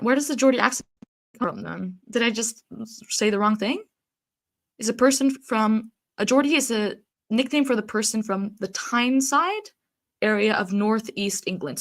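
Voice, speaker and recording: Chatty streamer woman with a blocked nose. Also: a little high. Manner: chatty, reads chat aloud, laughs often, frequent ums and likes. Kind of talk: casual live-stream chat.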